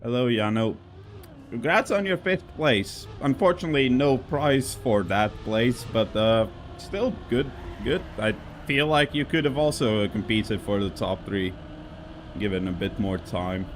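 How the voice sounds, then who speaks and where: This man has a mid-range, expressive voice and a measured pace, with slight background noise behind him. He casually remarks on racing game records on a live stream, rambling with many fillers and coughing now and then.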